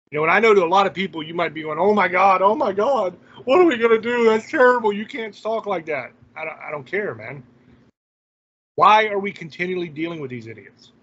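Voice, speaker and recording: A man's voice: high-pitched, a bit bright, breathy edge. A man hosting his own channel, delivering a heated opinion rant in a blunt, profane and scornful way. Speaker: channel host. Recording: dull lo-fi recording.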